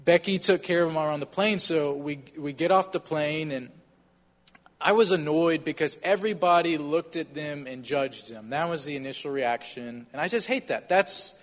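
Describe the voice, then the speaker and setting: A man's voice: fairly high pitch, normal speed, a bit bright, big-room sound. A man casually telling a personal story, with frequent fillers and a conversational, earnest manner. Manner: conversational, many fillers like "you know".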